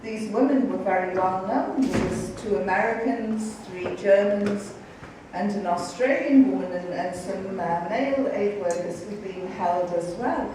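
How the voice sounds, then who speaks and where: Middle-aged woman speaker, lively anecdote telling with acted-out quotes, far off in a reverberant lecture hall, faint room hiss. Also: mid-range voice, unhurried. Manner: lively, acts out quoted voices. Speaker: guest speaker. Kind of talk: storytelling public talk.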